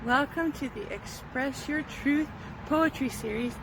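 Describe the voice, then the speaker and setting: A woman's voice: high-pitched, a little slow, background noise. A woman teaching a poetry class, explaining step by step and checking in with the listener as she goes. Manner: friendly explaining, checks in with "right?". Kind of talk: online class lesson.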